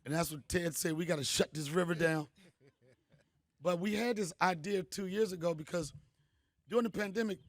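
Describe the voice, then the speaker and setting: A middle-aged man, a comedian host, telling stories in a punchy, animated way. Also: high-pitched, moderate pace, pauses often, no room sound. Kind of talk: storytelling monologue.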